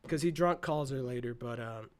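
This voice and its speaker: A man recapping a horror movie in a casual, profane, excited and rambling way, seated at his desk. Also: medium pitch, moderate pace. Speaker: movie reviewer.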